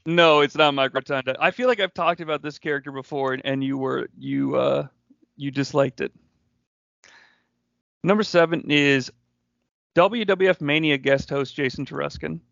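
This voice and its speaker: A man's voice: on the high side, moderate pace, creaky, fairly bright tone, dry recording. A man co-hosting a casual podcast chat, rambling and hesitant. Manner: rambling, hesitant, full of restarts. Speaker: podcast co-host. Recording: dry, slightly dull lo-fi recording.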